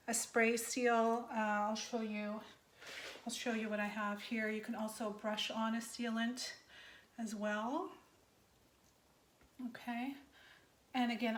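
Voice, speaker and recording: A woman's voice: fairly high pitch, fairly bright tone, roomy sound, slight background noise. A woman giving a casual, rambling craft tutorial, talking into her phone camera, a little out of breath. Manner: chatty, rambling, self-deprecating. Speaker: craft vlogger.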